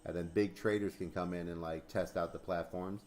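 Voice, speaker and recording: A man hosting a crypto stream in casual chat, telling animated stories, acting out dialogue, swearing and laughing often. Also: low-pitched, normal speed, soft background music.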